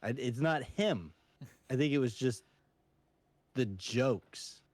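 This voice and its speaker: A man's voice: medium pitch, animated, takes it slowly, darkish tone, no echo. A man co-hosting a casual movie review podcast, rambling with many restarts and jokey asides. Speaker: podcast co-host.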